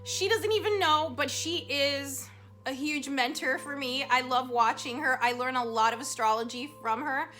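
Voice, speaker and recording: A woman casually telling a personal story to camera as a psychic vlogger, animated and emotional, with many fillers. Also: high voice, normal speed. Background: soft background music.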